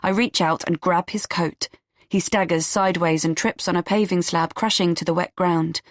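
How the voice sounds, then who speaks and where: A woman reading a first-person audiobook in a tense, measured storytelling manner. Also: on the low side, fairly even intonation, dry recording, clean studio sound. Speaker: audiobook narrator.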